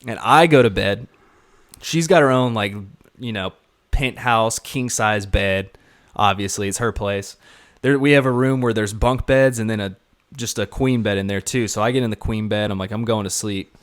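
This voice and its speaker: A young man co-hosting a podcast, telling a rowdy party story in casual chat, animated and swearing, laughing as he goes. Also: lowish voice, moderate pace. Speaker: podcast co-host.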